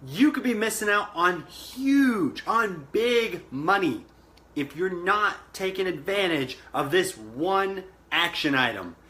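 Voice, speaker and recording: A man coaching on network marketing, telling a long story in an animated way and acting out the voices he quotes. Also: high voice, slow pace. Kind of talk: motivational vlog talk.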